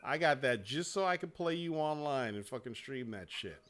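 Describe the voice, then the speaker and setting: A man hosting a casual gaming chat show, talking in a profane, animated way and laughing often. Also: medium pitch, moderate pace. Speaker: show host.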